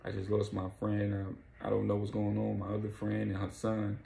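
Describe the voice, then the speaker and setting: A man voicing a distraught young woman quietly begging for help, in an echoey room. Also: lowish voice, completely flat delivery, moderate pace, creaky. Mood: pleading. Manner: quiet, pleading.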